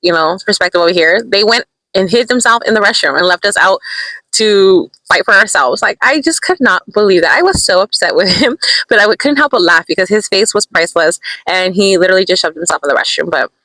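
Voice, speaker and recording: A bright, sharp-voiced young woman rattles off a casual storytime vlog at a quick clip. She is animated and excitable, jumping into little asides to her viewers. The sound is dry and close. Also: mid-range voice, no echo, rough recording. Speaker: vlogger. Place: in a parked car.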